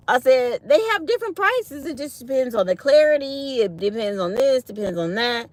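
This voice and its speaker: A woman vlogger telling a personal story in a casual, animated way, laughing often and quoting others. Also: high voice, moderate pace, hardly any pauses, no echo.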